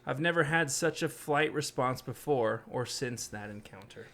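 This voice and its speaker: A man's voice: medium pitch, moderate pace, fairly bright tone. A young man co-hosting a podcast, chatting casually and reading scary stories aloud with joking asides. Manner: joking, does silly voices for quoted people. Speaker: podcast co-host.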